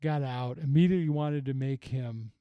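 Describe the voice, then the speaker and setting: A middle-aged man, a pastor hosting a podcast, teaching earnestly and reflectively in a relaxed conversation, often restarting his sentences. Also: medium pitch, moderate pace, clean tone, no echo, highs cut off. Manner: earnest, reflective, with frequent restarts and retold quotes.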